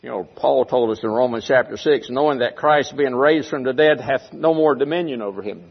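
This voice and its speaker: A man's voice: medium pitch, brisk, gravelly, hardly any pauses, slightly rough, muffled recording. An older man preaching a sermon to a congregation, emphatic and given to repeating key phrases. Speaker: pastor. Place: church congregation room.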